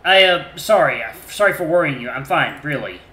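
A man voicing an emotional young man who remembers his lost family, speaking softly and haltingly. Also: a little high, expressive, reverberant, poor audio.

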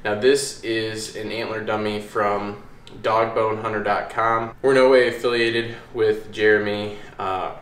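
A man's voice: lowish voice, little pitch movement, measured pace, few pauses, fairly bright tone. A man hosting a casual how-to video at home, talking in an easygoing, rambling way with plenty of fillers. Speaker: dog trainer, channel host. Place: indoors at home by a hallway. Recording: echoey room, faint room noise.

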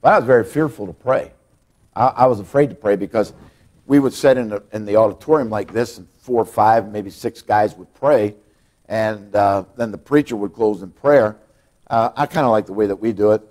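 A man preaching a sermon in a church, folksy and repetitive, often restarting his words and rising high and loud when he makes a point. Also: normal speed. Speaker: pastor. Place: church auditorium.

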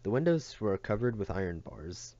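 A man reading a novel aloud as an audiobook, steady and careful, with occasional self-corrections. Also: fairly low pitch, normal speed, muffled recording. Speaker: audiobook reader.

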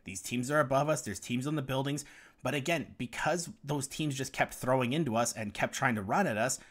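A man's voice: medium pitch, fairly quick, a bit bright. A young man commentating over gameplay footage, explaining strategy to viewers in a guide. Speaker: gaming guide creator.

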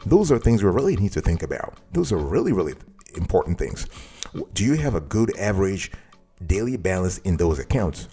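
A man's voice: low voice, mellow. A man hosting a financial advice tutorial, speaking emphatically and addressing the viewer directly. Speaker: host giving financial advice.

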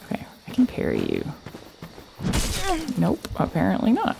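A woman's voice: fairly low pitch, wildly swooping pitch, moderate pace, gravelly, background noise. A woman casually commenting on her own video game play, chatting to the enemies and exclaiming at close calls. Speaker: gamer streamer.

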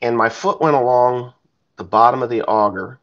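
A farmer tells a story in a casual, blunt way and swears freely. His voice sits in a middle pitch range. The recording is slightly dull and lo-fi. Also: normal speed, fairly bright tone. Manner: blunt and profane, plain-spoken. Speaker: farmer telling a personal story.

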